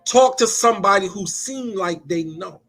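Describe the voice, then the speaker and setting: Male pastor-host with a high pitch; preachy, emphatic storyteller who drags out key words. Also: fairly bright tone, soft background music. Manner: emphatic storyteller, slows down to stress points. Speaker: pastor and call-in show host. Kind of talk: conversational sermon-style talk.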